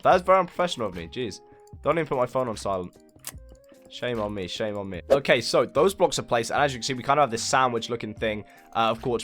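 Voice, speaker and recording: A man's voice: mid-range voice, fairly bright tone. A man hosting a casual building tutorial while he plays, talking in a rambling, laid-back way with lots of fillers and self-mocking asides. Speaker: game building channel host.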